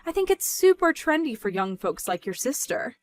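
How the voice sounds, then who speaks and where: A woman's voice: sits high, sing-song, normal speed, dry recording. A woman voicing a controlling, scornful middle-aged mother, nagging and incredulous in a scripted story dub.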